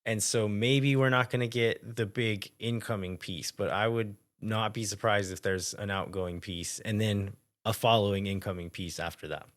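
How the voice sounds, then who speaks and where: Easygoing low-voiced podcast co-host. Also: male voice, steady tone, moderate pace, hardly any pauses. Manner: easygoing, thinks out loud with loose asides. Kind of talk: casual chat.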